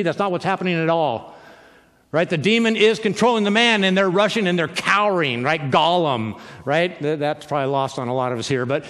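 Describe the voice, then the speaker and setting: A man with a fairly high voice preaches in a loose, conversational way and keeps checking in with his listeners. His words echo with the long reverb of a large hall. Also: a bit bright. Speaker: pastor. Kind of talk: sermon.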